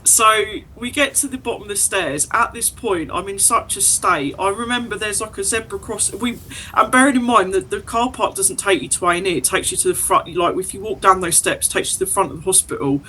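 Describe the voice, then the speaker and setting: A woman, a podcast guest, recounting a frightening experience in animated detail, acting out the dialogue as she goes. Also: medium pitch, brisk, slight background noise, poor audio. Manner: animated, emotional retelling with quoted dialogue. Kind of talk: personal storytelling in an interview.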